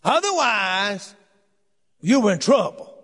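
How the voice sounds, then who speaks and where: Older pastor, fervent shouting sermon; very high, bright voice. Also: male voice, big pitch swings, slow pace. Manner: fervent preaching, rising to shouts. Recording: long hall reverb.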